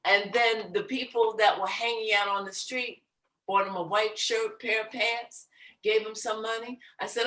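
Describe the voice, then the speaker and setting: A woman jazz singer being interviewed, telling her stories with lively, theatrical flair and acting out the quotes. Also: a little high, moderate pace. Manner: animated, theatrical storyteller who acts out quotes. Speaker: guest, jazz vocalist. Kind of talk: casual storytelling interview. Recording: roomy echo.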